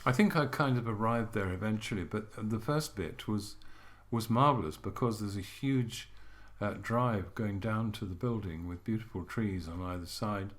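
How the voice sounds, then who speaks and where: An older man co-hosting a podcast, reminiscing in a relaxed, halting way with gentle humour. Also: on the low side. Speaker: podcast co-host. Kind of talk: reflective casual chat.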